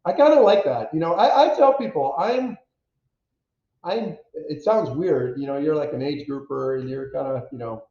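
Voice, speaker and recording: A man in his fifties from the United States, a former pro football player telling stories as an interview guest, animated and self-deprecating, acting out quotes. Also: on the high side, moderate pace. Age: 50s. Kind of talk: candid storytelling interview. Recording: echoey, dull lo-fi audio.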